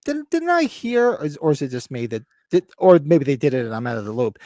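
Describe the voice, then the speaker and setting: Animated man rambling in casual chat. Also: fairly high pitch, quick pace, no room sound, studio quality. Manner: rambling, self-interrupting, swears casually. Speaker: podcast co-host.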